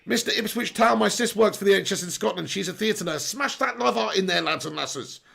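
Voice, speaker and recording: A man's voice: sits high, a little fast, gravelly, pushed and bright. A man with a sore throat hosting a live football watch-along, reading out and bantering with viewer messages with frequent laughs. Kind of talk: live stream chat reading.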